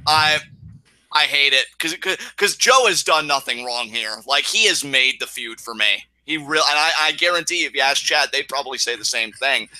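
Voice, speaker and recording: Bright-voiced man in casual chat. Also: mid-range voice, moderate pace. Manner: rambling, emotional, frequent restarts. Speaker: co-host.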